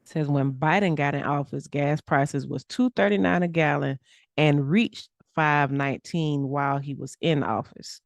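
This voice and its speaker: A woman's voice: sits low, fairly even intonation, measured pace, no room sound. A woman co-hosting a casual political talk stream, chatty and teasing as she reads viewer comments aloud. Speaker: co-host reading viewer comments.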